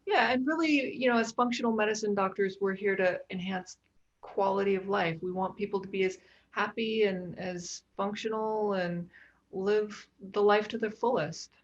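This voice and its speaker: A woman's voice: medium pitch, moderate pace, lo-fi sound. A woman doctor, a guest on an interview, talking casually and often agreeing with short replies. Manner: agreeable, frequent short affirmations. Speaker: functional medicine doctor, guest.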